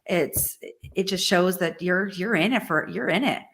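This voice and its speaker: A woman's voice: lowish voice, a little slow, husky. A woman in her forties, a business owner talking earnestly and emphatically in a heartfelt conversation, often restarting her sentences.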